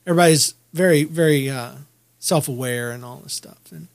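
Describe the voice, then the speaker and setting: A man's voice: on the high side, fairly quick. Candid, rambling middle-aged man podcasting. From Kansas City. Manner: rambling, candid, self-deprecating, with frequent restarts. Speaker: podcast host. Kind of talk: personal podcast monologue.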